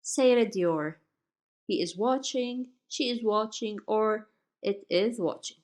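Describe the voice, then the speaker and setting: A woman teaching Turkish grammar from slides, saying each example word slowly and carefully. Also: mid-range voice. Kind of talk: slide-based grammar lesson.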